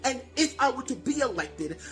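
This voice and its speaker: Woman voicing a smug half-elf archmage lecturing a crowd; high, very lively, stammers when excited. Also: moderate pace, soft background music. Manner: boastful, theatrical, stammers when worked up. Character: pompous greedy male half-elf archmage. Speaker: tabletop game player. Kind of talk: comic in-character campaign speech.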